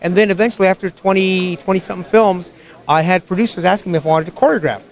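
High-ish voiced guy, film director guest, chatty animated storyteller. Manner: animated storyteller, quick to laugh. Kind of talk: casual interview.

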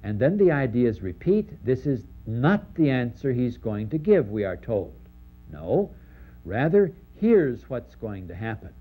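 A man's voice: medium pitch, unhurried, narrow, tinny audio. A man giving a lecture on the parables, emphatic and posing rhetorical questions to his audience. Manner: animated, acting out quoted speech. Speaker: lecturer on New Testament parables.

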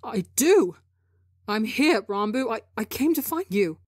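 A man's voice: sits high, very animated, unhurried, dry recording, clean studio sound, voice pushed up, heavily acted. A woman voicing a frantic, heartbroken young man who pleads in a strained, tearful voice. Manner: pleading, sobbing desperation.

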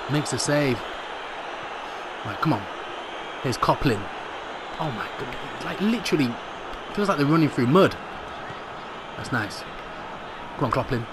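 A young man commentating live on his own football video game match, excitable and jokey, swearing mildly and shouting at near misses. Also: a little high, normal speed, pauses often, crowd noise, background noise. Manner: excitable, shouts at big moments; calls players "brothers", mild swearing. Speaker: gaming YouTuber.

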